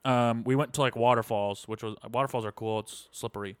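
A man's voice: medium pitch, fairly even intonation, fairly quick, smooth. A young man hosting a casual podcast chat, blunt and crude, joking around. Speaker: podcast host.

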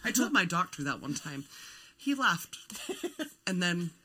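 Woman co-host, wry deadpan quips, unhurried pace, noisy recording. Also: fairly low pitch. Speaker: podcast co-host. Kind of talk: casual comedic chat.

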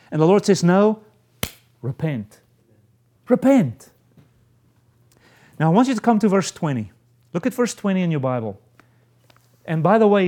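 A man's voice: fairly high pitch, a little mellow. A man preaching a sermon, reading scripture aloud and then explaining it. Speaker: pastor.

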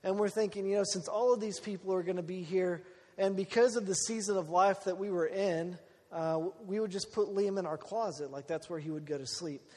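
A man telling a personal story in a sermon, acting out the people he quotes in an animated way. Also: sits high. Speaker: preacher. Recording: long hall reverb.

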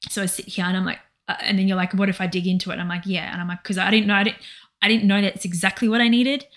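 A woman's voice: mid-range voice, fairly even intonation, quick pace, fairly bright tone. A woman co-hosting a podcast in casual personal chat, rambling and emotional, often quoting herself. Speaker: podcast co-host.

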